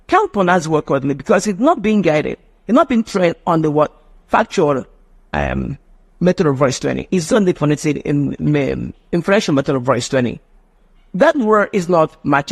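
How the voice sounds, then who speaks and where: A man's voice: on the high side, moderate pace, vocal fry, breathy edge. A man teaching a live online phonetics class, often asking rhetorical questions. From Nigeria. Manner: animated, mimics children's voices, asks rhetorical questions.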